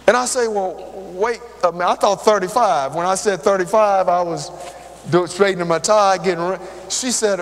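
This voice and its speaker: An older man preaches in a church hall, sharing personal stories and speaking directly to the congregation in a lively, conversational way. His voice is high-pitched and a little slow, with slight background noise and a long hall reverb.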